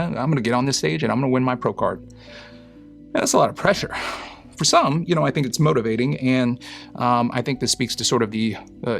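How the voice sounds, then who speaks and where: A man's voice: mid-range voice, gravelly. A man, a psychologist, talking through a clip in a casual explanatory way with lots of fillers. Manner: explanatory, uses fillers and analogies. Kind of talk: reaction commentary.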